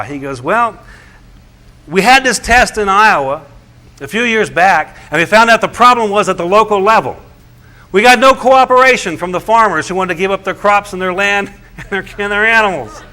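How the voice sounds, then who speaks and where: A middle-aged man, a pastor, recounting a meeting in animated, incredulous storytelling talk. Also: high-pitched, a little fast. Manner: animated, incredulous, quotes others in their voices.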